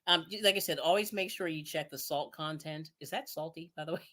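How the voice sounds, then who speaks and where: A woman's voice: low voice, fairly quick, fairly bright tone, slight background noise. A woman hosting a casual live cooking stream, chatting as she works, laughing often and restarting her sentences. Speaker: cooking show host.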